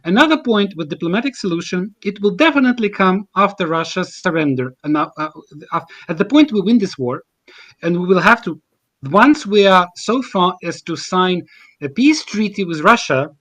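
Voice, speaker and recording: A man makes his case as a guest commentator in a panel discussion. His voice sits high for a man, and he talks in an earnest, emphatic way, often stopping and restarting a phrase. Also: lively intonation, moderate pace, fairly bright tone. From Ukraine.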